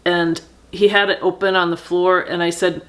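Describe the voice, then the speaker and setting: A middle-aged woman telling a personal story on her vlog, earnest and reflective, pausing with fillers and restarting sentences. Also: lowish voice, level tone.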